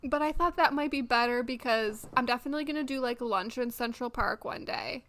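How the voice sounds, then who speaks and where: A woman's voice: fairly high pitch, brisk, a bit bright. A woman co-hosting a podcast in casual chat, talking in a chatty way with lots of filler words. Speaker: podcast co-host.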